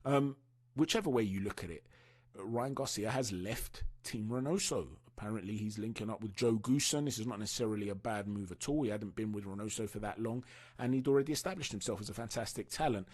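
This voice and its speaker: Husky-voiced man talking boxing news. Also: fairly low pitch, a little fast, darkish tone. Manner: chatty, opinionated, asks viewers for their views. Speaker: boxing channel host. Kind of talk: casual boxing news commentary.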